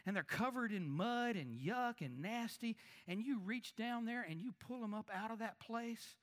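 Pastor preaching in a lively conversational sermon. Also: male voice, high voice. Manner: conversational preaching with rhetorical questions to the congregation; swings between emphatic raised lines and quiet asides.

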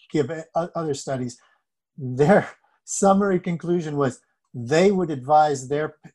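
A man speaking as a guest on a podcast interview, measured and a little hesitant as he builds his points. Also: medium pitch, darkish tone. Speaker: guest advocate.

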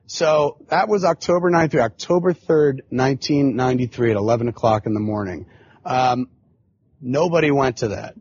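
A podcast host in his forties tells a long, casual, rambling story packed with swearing and filler phrases. His voice is medium-pitched, brisk, a little mellow and husky, and the audio sounds dull.

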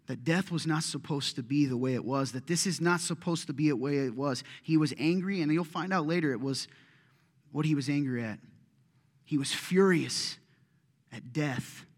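A man preaching a sermon, swinging from hushed asides to loud, pleading retellings. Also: medium pitch, long reverb tail. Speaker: pastor.

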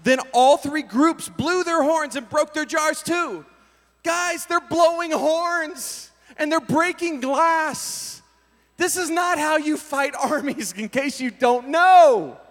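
Man preaching, energetic, slangy, very high voice, long hall reverb. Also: slow. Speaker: pastor. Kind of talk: lively sermon storytelling.

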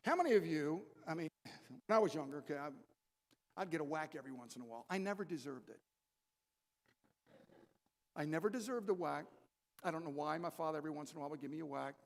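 A man preaching a sermon in a relaxed, joking, conversational way, reading scripture and acting out the people in it. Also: a little high, quick pace, gravelly, pauses often. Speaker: pastor. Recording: echoey hall with long reverb.

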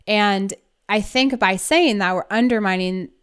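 Emphatic smooth-voiced woman podcast co-host. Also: medium pitch, measured pace. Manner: animated, emphatic, laughs through frustration. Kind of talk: casual conversational podcast chat.

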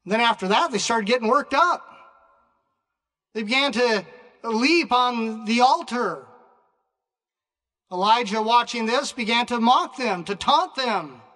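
A man delivers a sermon at a very unhurried pace, pausing often and restarting phrases. His voice sits unusually high and sounds bright. The sound rings with the long reverb of a large hall. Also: animated. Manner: slow, deliberate preaching with frequent pauses and restarts. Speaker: preacher.

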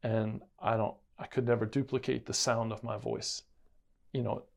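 A man's voice: on the low side, level tone, moderate pace, creaky, a little mellow. A man co-hosting a casual Bible-study chat, telling a story earnestly. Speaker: co-host.

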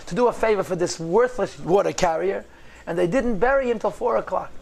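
Male storyteller, high gravelly voice, animated delivery mixing in Yiddish phrases. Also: a little hiss or hum. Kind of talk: storytelling talk.

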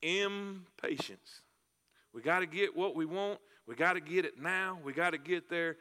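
Male pastor, high voice, folksy sermon storyteller, reverberant hall. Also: fairly quick, sharp tone. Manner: folksy storytelling with repetitions and fillers. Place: church sanctuary.

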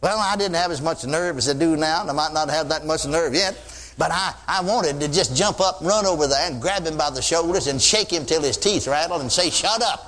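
Older preacher man, folksy stories, high lively voice bouncing around a big hall. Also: a little fast, slight background noise. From Texas. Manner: folksy storytelling, mimics a pastor's sing-song praying. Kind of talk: sermon. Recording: long reverb of a church hall.

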